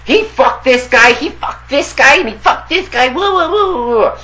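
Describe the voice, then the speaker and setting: A man mimicking a shrill panicky young neighbor. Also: lively intonation, moderate pace, bright, forceful tone, full character voice. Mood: frantic. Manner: shrieking, frantic.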